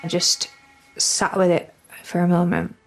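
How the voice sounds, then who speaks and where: A woman's voice: fairly low pitch, sing-song, unhurried. A woman with a British accent giving a documentary interview, earnestly retelling her own experience and voicing her inner thoughts. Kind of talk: documentary interview, first-person account. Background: faint music.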